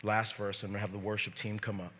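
A man pastor preaching a sermon to his church, moving from quiet teaching to shouted preaching. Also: on the low side, little pitch movement, fast, slight background noise. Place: church sanctuary. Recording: long reverb of a large hall.

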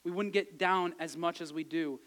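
High-voiced earnest man preaching. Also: moderate pace. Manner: earnest, builds to emphatic rising passages, then drops soft. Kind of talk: sermon retelling scripture.

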